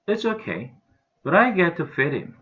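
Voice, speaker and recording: A man's voice: a little high, sing-song, moderate pace, fairly bright tone, pitched above the performer's own voice. A man with a Korean accent voicing a sarcastic young boy who complains and insists, on a dull lo-fi recording. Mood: grudging. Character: whiny sarcastic young boy arguing with brother.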